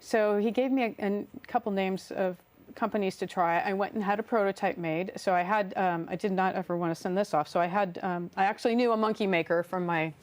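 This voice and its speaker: A middle-aged artist and songwriter chats as an interview guest, telling stories casually with frequent laughs, fillers and restarts. Her mid-range voice has fairly even intonation and she talks a little fast.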